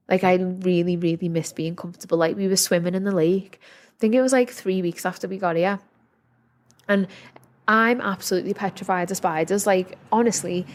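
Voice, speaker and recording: A woman's voice: fairly low pitch, a little mellow. A young woman hosting a solo podcast, chatting candidly and earnestly with lots of "like" and restarts. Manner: rambling, heavy use of "like", earnest. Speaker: podcast host. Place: house in a forest, window open.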